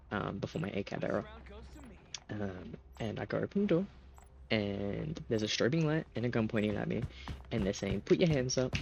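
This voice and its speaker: A man's voice: fairly low pitch, creaky. A young man telling a rambling storytime story, with lots of fillers and giggles. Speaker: gaming storyteller. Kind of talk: casual storytime while gaming. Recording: game music playing under the voice.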